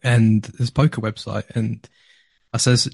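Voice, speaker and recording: A man, a podcast guest telling a story in a casual, animated way, laughing often and repeating words when excited. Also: medium pitch, unhurried, vocal fry, breathy edge, no echo, clean studio sound.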